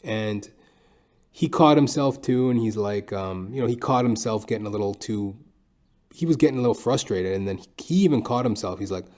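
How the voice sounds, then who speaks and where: A man's voice: lowish voice, brisk, darkish tone. A young man hosting a podcast, telling a rambling, profane comic story in a casual monologue full of fillers. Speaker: podcast host. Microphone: podcast microphone.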